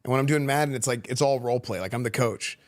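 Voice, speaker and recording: A relaxed man with a Texan accent and a voice of ordinary middle pitch. He talks loosely and slangily, restarting sentences and filling pauses as he answers questions. He is heard through a good streaming microphone. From Texas. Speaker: streamer speaking to a school class. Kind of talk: casual chat answering students' questions.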